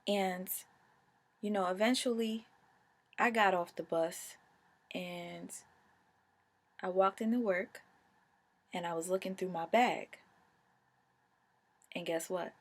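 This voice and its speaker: A young woman with a fairly low voice tells a personal story to her viewers. She speaks casually and with animated, emotional energy. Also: slow, pauses often. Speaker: vlogger.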